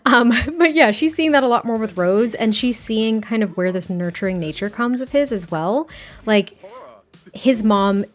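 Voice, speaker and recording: Chatty young woman with a high voice. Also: moderate pace, soft background music. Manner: chatty, giggly, rambling. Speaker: gameplay creator. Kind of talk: narrating a life-sim story.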